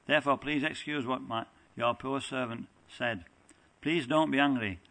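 A man's voice: medium pitch, fairly even intonation, moderate pace, pushed and bright, poor audio. A man reading aloud the part of a desperate, lovesick young goddess, earnestly and plainly from a scripture text. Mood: pleading.

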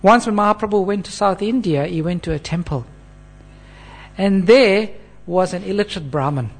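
A man's voice: high-pitched, moderate pace. A man preaching a scripture class in an earnest sermon style, checking in with his listeners as he goes.

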